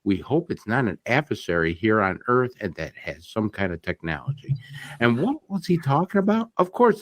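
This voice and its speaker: A man co-hosting a radio talk show, reading news in a folksy way and tossing in joking asides. His voice sits on the low side. It is recorded close and dry, with no room sound. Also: no room sound.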